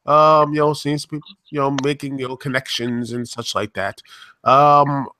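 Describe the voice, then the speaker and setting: A man's voice: medium pitch, steady tone, normal speed, bright, forceful tone, a little hiss or hum. A man hosting a casual podcast chat, rambling with lots of ums and restarts. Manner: rambling, many fillers and restarts.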